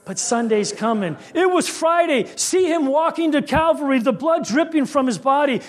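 Man, preacher, sermon, very high voice, rhythmic refrains. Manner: rhythmic, building refrains, dropping low on key lines.

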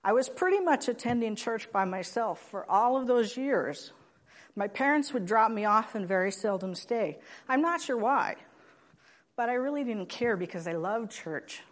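A woman in her sixties from Oregon giving a sermon and personal testimony in a plainspoken, gently humorous way. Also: on the high side, lively intonation, moderate pace. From Oregon, USA. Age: 60s. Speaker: lay preacher.

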